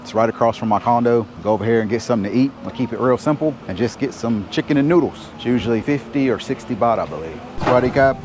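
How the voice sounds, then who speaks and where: A man's voice: medium pitch, quick pace, hardly any pauses, noisy background. A man talking casually to camera as a vlogger, laid-back and joking, walking around a market and a laundromat. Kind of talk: casual vlog narration. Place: outdoors on city streets, market and laundromat.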